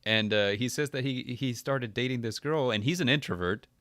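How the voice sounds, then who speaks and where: A man hosting a podcast, chatting casually and telling stories with laughter and quick impressions. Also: mid-range voice, no room sound. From Texas. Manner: laughing, animated storytelling with impressions. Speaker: podcast host. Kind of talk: casual chat.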